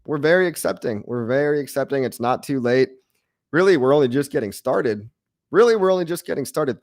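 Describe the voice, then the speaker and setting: A man hosting a crypto livestream, talking casually to his chat in an excitable, brash way, mocking critics and repeating his lines for emphasis. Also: mid-range voice, dry recording, studio quality. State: out of breath. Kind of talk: live-stream chat reacting to viewers.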